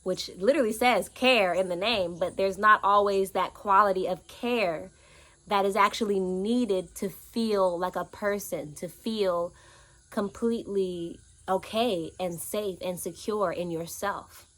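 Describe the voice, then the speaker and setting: A woman coaching on inner child healing, talking to camera outdoors in an earnest, animated way with lively quoted asides. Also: medium pitch, unhurried. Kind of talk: casual teaching monologue. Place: outdoors in nature with birds and bugs.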